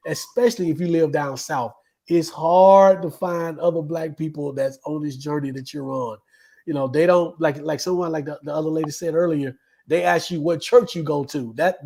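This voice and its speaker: Male co-host, high-set voice, earnest and repetitive, laid-back chat on a video call. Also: low-quality recording. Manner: earnest, repeats himself, relaxed storytelling. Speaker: livestream co-host, author. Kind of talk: casual livestream chat.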